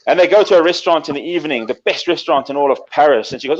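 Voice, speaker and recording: Man, casual joke-teller, slightly high voice, dull video-call sound. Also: rapid-fire, few pauses. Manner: relaxed, chuckling storyteller. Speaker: panelist.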